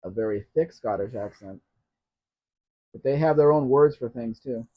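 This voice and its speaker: Here the stream host talks at normal speed in a mid-range voice, chatting through viewers' questions he reads aloud and dropping dry jokes along the way. The sound is muffled and lo-fi, the kind a basic streaming setup produces.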